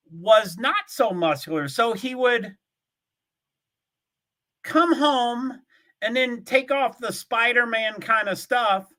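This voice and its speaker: High, lively older man rambling. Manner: meandering, full of fillers, chuckling often. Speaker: livestream host. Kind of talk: rambling casual chat to viewers. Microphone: streaming setup, from home.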